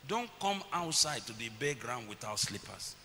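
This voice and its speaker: Pastor preaching in a reverberant church. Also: male voice, mid-range voice, very animated, normal speed, pushed and bright. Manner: storytelling, acts out his children's voices. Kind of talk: sermon. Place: church hall. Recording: long church reverb, faint hiss.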